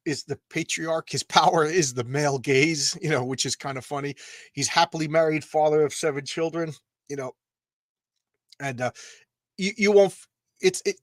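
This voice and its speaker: A man's voice: fairly high pitch, dry recording. Stammering, rambling male comics host. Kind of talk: casual live-stream chat.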